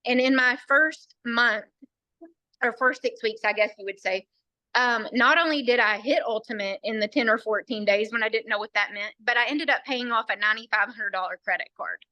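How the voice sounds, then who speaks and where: Bright, earnest woman telling her story. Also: a little high, normal speed, dry recording, rough recording. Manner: earnest storytelling, quoting others. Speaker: team member sharing a story. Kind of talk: personal testimony on a team call.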